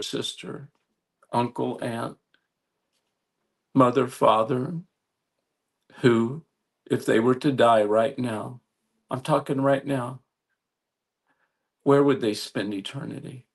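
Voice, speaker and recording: A man preaching a sermon, telling a story earnestly with halting restarts and building to emphatic appeals. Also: medium pitch, gravelly.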